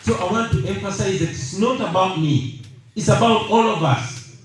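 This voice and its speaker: A Ugandan man in his thirties giving a rallying speech to an audience, emphatic and deliberate, leaning on repeated key phrases. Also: sits high, a faint crowd. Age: 30s. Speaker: political speaker. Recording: echoey room, voice heard from a distance.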